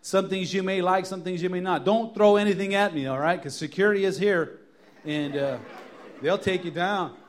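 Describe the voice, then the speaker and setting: A middle-aged pastor delivers a sermon in a church, his voice sitting a bit higher than most men's. He tells funny stories in a loose, conversational way and leans hard into emphatic, repeated refrains. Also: moderate pace. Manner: joking storyteller who builds to emphatic repeated lines. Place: church sanctuary.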